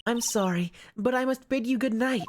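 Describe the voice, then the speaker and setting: A woman reading the lines of a gentle, polite young nun in a soft, reserved manner. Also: a little high, normal speed, faint music behind, close to an everyday voice.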